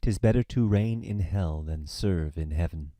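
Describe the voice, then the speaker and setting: An actor reading a smooth, menacing devil in a screenplay reading, polite and measured. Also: male voice, sits low, warm tone, no echo, natural voice. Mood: cool. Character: smooth menacing male devil, courteous and cold. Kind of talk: table read of a screenplay.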